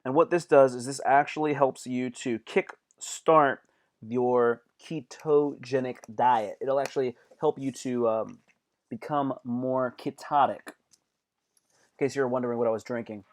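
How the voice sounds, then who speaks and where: A man's voice: medium pitch, steady tone, a little slow, a little mellow. A man hosting a live stream, giving casual motivational talk in slangy speech that repeats phrases and acts out angry outbursts.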